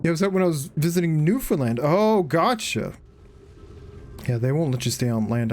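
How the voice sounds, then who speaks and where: A man streaming a video game in casual chat, reacting out loud and swearing freely as he talks with viewers. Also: medium pitch, moderate pace, gravelly, long pauses. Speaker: gaming streamer.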